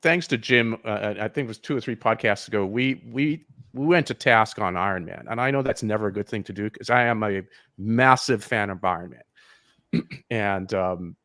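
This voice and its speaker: A man's voice: lowish voice, moderate pace, fairly bright tone, dry recording, clean studio sound. A man who coaches triathlon swimming, giving frank advice in a casual live interview over a video call, with many restarts.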